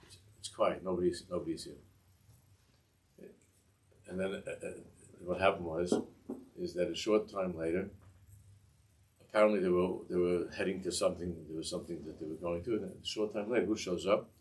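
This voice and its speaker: A man teaching a class who tells a Hasidic story in a rambling, halting way, with many restarts and asides. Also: low-pitched, fairly even intonation, a little mellow, distant mic. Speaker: Torah teacher.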